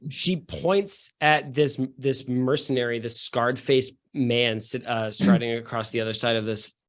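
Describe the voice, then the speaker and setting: A man's voice: medium pitch, a little slow. A man running a tabletop game as game master, narrating casually with lots of fillers and self-mocking jokes.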